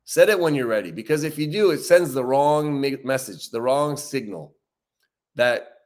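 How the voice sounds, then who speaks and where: A man hosting a recovery livestream in a relaxed, conversational way. He often repeats his key points for emphasis and slows down on important lines. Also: medium pitch. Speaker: recovery talk host. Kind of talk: casual livestream talk.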